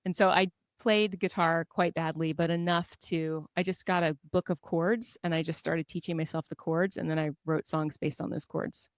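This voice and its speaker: A woman from Southern California, a guest on a podcast, telling lively self-deprecating stories and laughing often. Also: deep voice, moderate pace, hardly any pauses, no room sound, clean studio sound. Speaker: guest author. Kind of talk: casual conversational storytelling.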